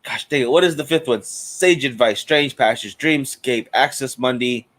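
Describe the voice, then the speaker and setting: A man's voice: medium pitch, moderate pace, fairly bright tone. A man hosting a live cigar stream in a chatty, casual way, greeting viewers by name. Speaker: host of a cigar show.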